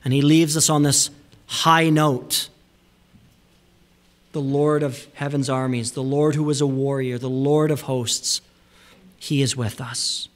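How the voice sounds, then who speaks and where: A man pastor preaching a sermon in a church, emphatic, sometimes dropping to hushed asides and repeating words for emphasis. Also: mid-range voice, steady tone, slow, long pauses. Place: church sanctuary.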